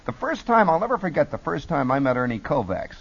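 A middle-aged man telling animated stories about his radio days as a talk show guest. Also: on the high side, fairly quick, husky. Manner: lively, jumps between put-on radio voices. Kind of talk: animated storytelling. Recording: dull lo-fi broadcast audio.

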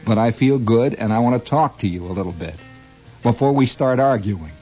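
A man's voice: mid-range voice, lively intonation, a little fast, dark tone, breathy edge, lo-fi sound, faint music behind. A middle-aged man performing a comedy monologue as one side of a conversation, talkative and argumentative, stammering and restarting, with chuckles at his own lines.

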